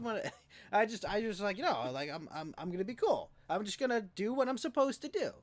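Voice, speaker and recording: A man casually telling a profane, rambling story on a livestream, with lively acted quotes and many fillers. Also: sits high, brisk. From California. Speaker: podcast co-host.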